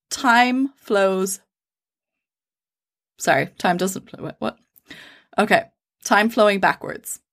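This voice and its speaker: A woman's voice: medium pitch, animated, slow, long pauses, fairly bright tone. A woman co-hosting a casual podcast, explaining science at length with fillers and restarts. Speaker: podcast co-host.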